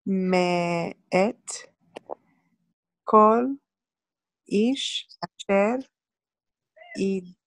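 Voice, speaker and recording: A woman student reading aloud hesitantly in a lesson, apologetic and full of pauses. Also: mid-range voice, no echo.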